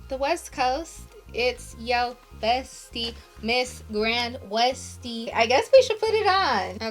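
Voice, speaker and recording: A woman's voice: a little high, fairly bright tone. A young woman, a pageant titleholder, gushing and emotional while chatting casually through an unboxing vlog.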